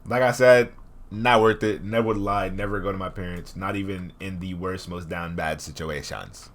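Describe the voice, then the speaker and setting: A young man hosting a casual reaction video, animated and laughing, repeating his words as he comments. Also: low voice, moderate pace, a little hiss or hum. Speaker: host.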